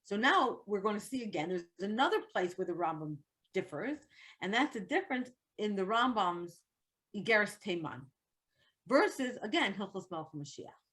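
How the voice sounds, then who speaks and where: A woman's voice: medium pitch, big pitch swings, normal speed, a bit bright. A woman teaching an online Torah class, reading Hebrew text and translating it line by line into English.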